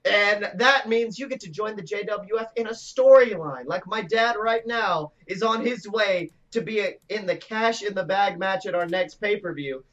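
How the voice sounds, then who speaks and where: Casting: high-pitched male podcast co-host, bright and brassy, playful wrestling-announcer hype, slightly distant dull sound. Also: normal speed, hardly any pauses. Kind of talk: comedic wrestling podcast banter.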